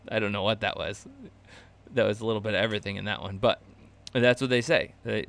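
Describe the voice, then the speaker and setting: A man with a somewhat low, clean and resonant voice talks through a live-stream class for video creators. He rambles loosely, piling on fillers and restarts. He chuckles now and then at his own asides. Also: fairly even intonation, brisk, gravelly, long pauses, fairly bright tone. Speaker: channel host teaching a creator class. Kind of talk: casual live-stream teaching.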